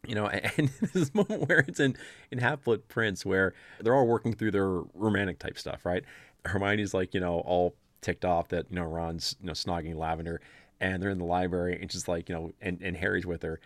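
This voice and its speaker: A man hosting a casual podcast chat, telling stories with animated enthusiasm and handing turns to his co-hosts. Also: low voice, brisk, no room sound. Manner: animated storyteller, acts out scenes. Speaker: podcast host.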